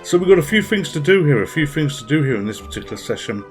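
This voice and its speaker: A man's voice: a little high, very animated, quick pace, soft background music. A man giving casual, chatty commentary as he plays a game at his PC, thinking aloud with little asides. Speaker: gaming channel host.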